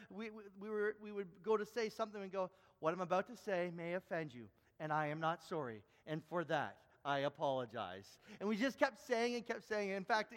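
A man's voice: high-pitched, fairly bright tone, long reverb tail. A man preaching a sermon, earnest and repeating words as he builds each point.

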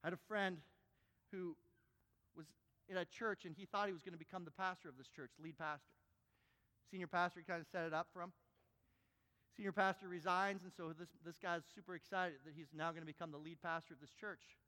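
A man delivers a sermon in a high voice, dropping to soft asides and then rising to loud, insistent emphasis. His words ring out with a long reverb, as in a large church hall. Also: fairly quick. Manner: animated preaching, swinging from quiet to loud and emphatic. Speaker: pastor.

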